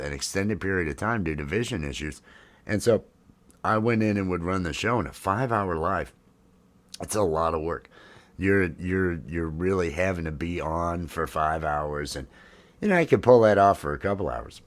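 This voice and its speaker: Very low-voiced rambling man in his fifties. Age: 50s. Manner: rambling, lots of fillers and restarts, folksy. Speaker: livestream host. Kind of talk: casual live chat. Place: home, drinking coffee while streaming.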